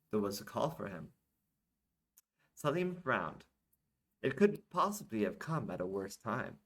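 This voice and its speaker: A man's voice: on the low side, animated, moderate pace, rough recording. Tired man reading his own novel aloud. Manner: reads with asides and small self-corrections. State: tired from being up all night. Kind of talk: audiobook-style reading of a serialized novel.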